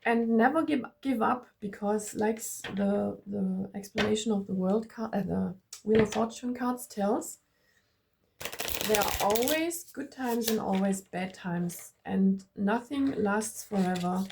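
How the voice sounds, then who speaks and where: A German-accented woman hosts a card-reading vlog and speaks to her viewers in an unhurried, drawn-out way. Her voice has a gravelly fry, and she gushes warmly, repeating her words and laughing often. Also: medium pitch, noisy background. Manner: gushing, affectionate, repeats herself excitedly; laughs often while talking. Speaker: tarot and oracle card reader.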